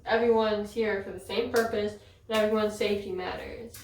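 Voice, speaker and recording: A woman's voice: medium pitch, fairly even intonation, a little fast, a little mellow. A young woman sharing a story in casual chat, often chiming in and finishing a friend's sentences. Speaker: vlogger. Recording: roomy echo, distant mic, faint noise.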